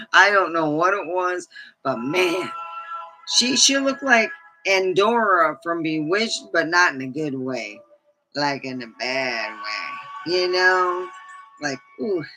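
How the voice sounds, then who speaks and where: A woman's voice: lowish voice, bright, forceful tone, low-quality recording. A middle-aged woman hosting a livestream, telling stories casually, chatty and laughing often as she acts out quotes. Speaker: livestream host. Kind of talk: casual storytelling.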